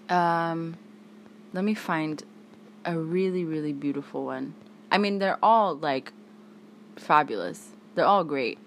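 A woman's voice: low voice, slight background noise. A woman hosting a solo podcast, talking angrily with heavy swearing, tired. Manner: angry, heavy swearing, emphatic. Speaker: podcast host.

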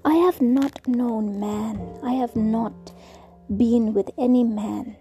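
A woman whispering as soft, dignified Mary. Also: on the high side, slow pace, soft background music. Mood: earnest. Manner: soft, earnest, insistent. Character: gentle young woman, softly dignified. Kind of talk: whispered role-play.

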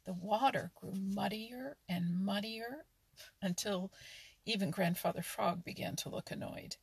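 A woman reading a children's animal story aloud in a calm, steady way. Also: mid-range voice, measured pace, gravelly, husky, no echo. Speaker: narrator.

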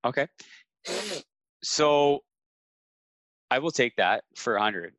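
A man from Canada co-hosting a podcast, talking in a measured, stats-minded way in casual chat. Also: mid-range voice, animated, a bit bright, no room sound, muffled recording. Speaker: podcast co-host.

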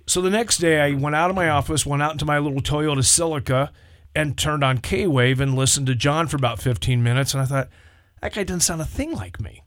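A man's voice: fairly high pitch, a little fast, no room sound. A man, a pastor co-hosting a radio talk show, telling stories in casual chat and acting out the voices of the people in them. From Southern California. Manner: animated storyteller, acts out quoted voices.

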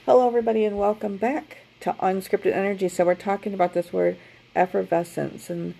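A woman's voice: medium pitch, flat delivery, normal speed, vocal fry, over music, rough recording. A woman co-hosting a podcast, chatting casually with many fillers and then leading into a guided meditation. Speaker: podcast co-host.

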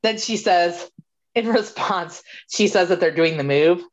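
A woman co-hosting a podcast, recapping a movie in casual chat, animated and laughing as she quotes the characters. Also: fairly low pitch, measured pace, lo-fi sound. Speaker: podcast co-host.

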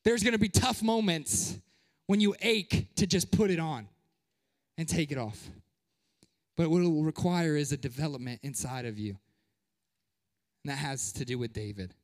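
Brief: young male pastor, bright high voice, playful animated sermon, a bit winded, church reverb. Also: normal speed, long pauses. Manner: lively, joking preaching with playful voices. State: out of breath. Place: church sanctuary.

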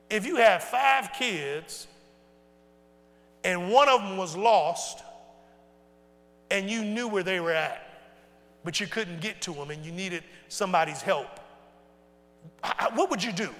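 A male pastor delivers a sermon in casual, folksy language, putting questions to the congregation and shifting between loud and hushed. His voice sits high, and a long reverb from the large hall surrounds it.

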